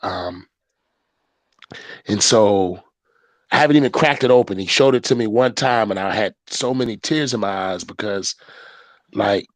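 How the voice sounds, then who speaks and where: A man being interviewed as a podcast guest, telling a personal story in casual talk. He jumps between low, mumbled asides and loud, excited quotes, with a lot of slang and "right?" and "you know" tags. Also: normal speed, long pauses, no echo.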